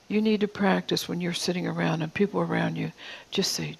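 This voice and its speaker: A preacher in their fifties or older giving an earnest sermon in a church, often dropping to a soft whisper for emphasis and repeating words. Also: mid-range voice, fairly even intonation, moderate pace, vocal fry, breathy edge, poor audio. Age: 50s or older.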